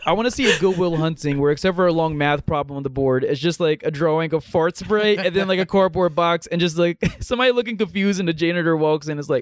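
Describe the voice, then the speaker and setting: A young man rambles through a joke with plenty of filler words, his voice slightly high for a man. The sound is dry and close, with no room around it. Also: fast, hardly any pauses, dry recording. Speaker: podcast co-host. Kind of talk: casual comedic chat.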